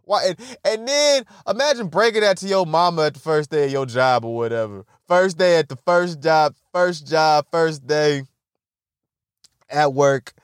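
Young man, podcast host, rambling comic monologue, profane, laughs often, slightly high voice, dry close sound. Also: unhurried, clear, resonant tone, no echo. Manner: rambling, laughing at his own jokes, profane, acts out voices. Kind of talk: casual comedic monologue.

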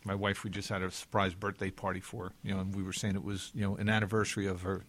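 A man in his fifties with a lowish voice hosts a financial advice talk show. He chats easily and often drifts into long anecdotes from his clients and his family. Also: flat delivery, fast talker, a bit bright. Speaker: financial advisor and show co-host. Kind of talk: casual radio-show talk.

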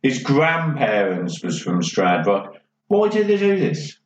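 A man's voice: medium pitch, huge pitch swings, slow. A man from Birmingham, co-hosting a casual podcast, telling blunt, sweary, rambling stories. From Birmingham, England. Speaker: podcast co-host. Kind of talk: casual pub-style chat. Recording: echoey room, distant mic, dull lo-fi sound.

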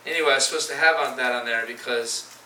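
A man preaching a sermon in an animated way, with restarts and dramatic pauses. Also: medium pitch, a little hiss or hum. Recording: echoey room, mic from far off.

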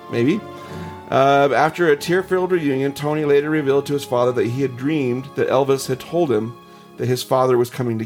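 Podcast host, male, gravelly, reads ghost tales with chuckling asides, faint music under. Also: medium pitch. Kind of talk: casual podcast chat reading ghost stories.

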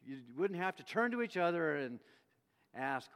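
Animated male preacher in a reverberant hall. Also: a little high, normal speed, gravelly, clean tone. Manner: animated storytelling, acting out quoted voices. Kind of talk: sermon.

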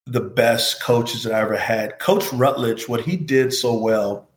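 A man's voice: mid-range voice, unhurried. A man shares a personal story in an interview, his voice sitting in a comfortable middle range. He speaks with earnest, reflective feeling, and the room around him adds a noticeable echo. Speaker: interview guest, former pro football player. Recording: roomy echo.

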